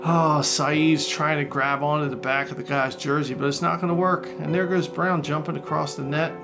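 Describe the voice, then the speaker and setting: Excitable man doing mock football commentary. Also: on the high side, normal speed, vocal fry, over music. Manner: mock sportscaster, excitable, jokey. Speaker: gaming YouTuber. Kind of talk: let's-play commentary.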